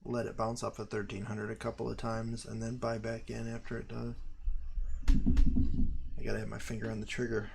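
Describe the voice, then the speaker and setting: An American man hosting a casual livestream, chatting to viewers in a profane, rambling way with sudden loud outbursts. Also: mid-range voice, completely flat delivery, fairly quick, gravelly, pauses often, very noisy. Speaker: livestream host.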